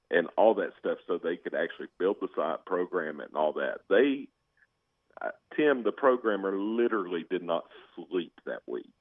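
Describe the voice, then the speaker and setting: A man calling in to a sports show, telling stories in a chatty, animated way over a phone line. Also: low-pitched, no room sound. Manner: storytelling, animated, laughing. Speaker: caller, fan. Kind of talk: casual chat.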